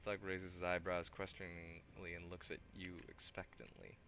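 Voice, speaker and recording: A man playing through a role-playing game reads the story text and his own character's replies aloud. His delivery is steady and plain, with a bright, forceful edge. A faint ambient hum sits behind the voice. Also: low voice, normal speed, creaky. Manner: steady, plain reading with casual asides. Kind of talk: reading game narration aloud.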